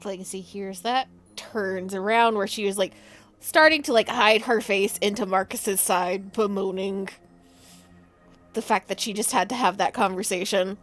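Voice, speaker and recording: A woman's voice: mid-range voice, steady tone, moderate pace, a bit bright, soft background music. A woman playing a tabletop role-playing game, describing her character's actions bluntly with laughs. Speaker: player.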